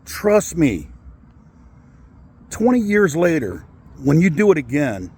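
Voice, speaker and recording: A man's voice: fairly high pitch, very animated, takes it slowly, dark tone, slightly rough. A man in his forties telling a personal story in a vlog, angry and upset, swearing and rambling with many fillers. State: upset, shaky with anger. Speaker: vlogger. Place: in a car.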